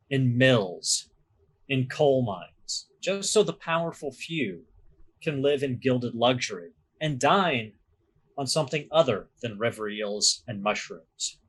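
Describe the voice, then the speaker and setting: A man narrating a tabletop game as game master, describing scenes in a measured storytelling manner. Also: medium pitch, fairly bright tone, slightly rough.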